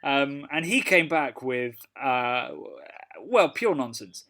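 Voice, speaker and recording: A man co-hosting a casual podcast, telling stories in a relaxed, chatty way and laughing along. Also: medium pitch, slow pace. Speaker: podcast co-host. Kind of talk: casual chat.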